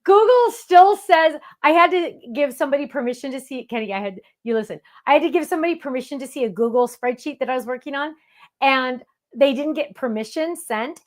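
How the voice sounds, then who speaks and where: Bubbly, gushing woman with a higher voice. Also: animated, brisk. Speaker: craft show host. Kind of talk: casual livestream chat.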